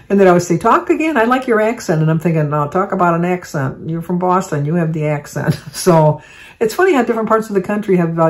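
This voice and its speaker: A woman's voice: lowish voice, darkish tone. An older woman rambles cheerfully to her camera at home, drifting from one small aside to the next. Her talk is loose and chatty, like a daily vlog catch-up. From Michigan. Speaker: vlogger. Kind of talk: casual chat to camera.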